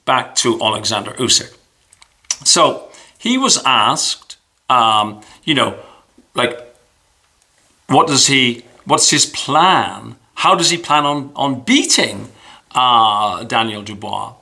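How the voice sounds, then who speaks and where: A man's voice: medium pitch, lively intonation, takes it slowly, pauses often, sharp tone. A man hosting a boxing channel, giving a chatty, self-deprecating news commentary and thinking aloud as he goes.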